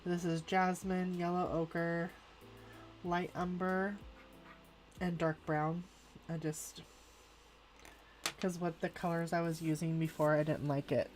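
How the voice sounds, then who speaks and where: A rambling, laughing woman, chatting on a live stream as she colors. Her voice sits a little lower than most women's. Soft music plays faintly behind her. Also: level tone, slow pace, pauses often. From California, USA. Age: 40s. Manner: chatty, rambling, says "like" a lot, laughs often. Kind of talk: casual live-stream chat while drawing.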